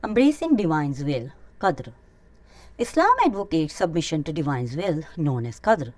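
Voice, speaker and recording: A woman hosting an Islamic teaching channel, reading a scripted lesson in an earnest, measured way. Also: deep voice, big pitch swings, dry recording. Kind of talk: scripted religious teaching narration.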